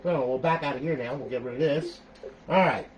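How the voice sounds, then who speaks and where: Speaking briskly in a mid-range voice, an older console modder gives a casual walkthrough of his build over a low-quality recording with some background noise. He's chatty and rambling, ending lines with "okay?" or "all right" and swearing at times.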